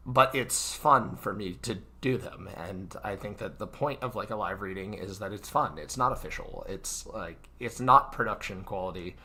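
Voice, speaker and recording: Male host, stuffy nose, lowish bright voice, rambling filler-heavy livestream chat from his room. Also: normal speed, hardly any pauses. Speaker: author hosting a live book reading. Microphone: computer mic at his desk.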